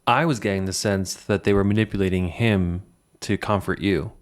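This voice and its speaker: A man's voice: low-pitched, steady tone, moderate pace. A man hosting a podcast interview, asking questions in a reflective way and thinking aloud with small restarts. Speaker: podcast host. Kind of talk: conversational interview.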